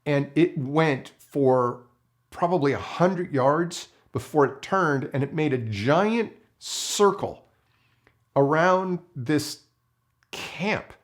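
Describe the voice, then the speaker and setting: A filmmaker telling a story to camera in an animated way and acting out the people in it. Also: male voice, a little high, slow pace.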